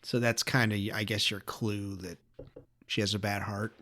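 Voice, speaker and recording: A man's voice: on the low side, flat delivery, normal speed, bright, forceful tone. A man on a podcast joking crudely in casual chat.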